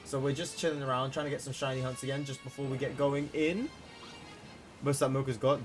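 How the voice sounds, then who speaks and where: A man's voice: medium pitch, fairly even intonation, fairly quick. A young man streaming a game live, talking to his chat and repeating himself as he gets worked up. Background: background music.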